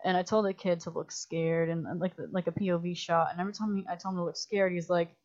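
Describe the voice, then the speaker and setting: Chatty woman with a low voice, lo-fi. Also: fast talker. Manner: animated storytelling, many "like"s, acts out quotes. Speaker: guest filmmaker. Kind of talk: casual podcast chat.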